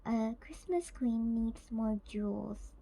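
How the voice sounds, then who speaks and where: A woman voicing a friendly little girl playing a princess, in a soft, gentle, slightly prim voice. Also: fairly high pitch, slow pace, gravelly, a little hiss or hum.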